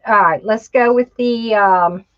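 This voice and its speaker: A woman's voice: mid-range voice, unhurried. A woman hosting a craft tutorial, chatting and talking to herself as she works. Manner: chatty, talks to herself while working, says y'all. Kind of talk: casual crafting demonstration. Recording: dull lo-fi home video audio.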